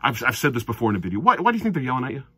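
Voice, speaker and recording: Heated guy ranting about darts, husky, dry room. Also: very animated, rapid-fire, no room sound. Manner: heated, ranting, swings from low mutters to loud outbursts. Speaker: darts commentator. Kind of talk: opinionated solo video commentary.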